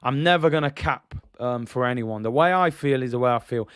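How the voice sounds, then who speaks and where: A man's voice: mid-range voice, brisk, a bit bright, clean tone, no room sound, clean studio sound. A man hosting a football livestream, ranting in frustration and firing rhetorical questions. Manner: frustrated, rhetorical questions, reads out viewer comments. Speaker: football channel host. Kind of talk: livestream fan rant.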